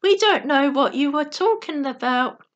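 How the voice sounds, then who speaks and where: A woman's voice: high-pitched, lively intonation, measured pace, muffled recording. A woman reading a cruel hyena's lines in a mocking, taunting way.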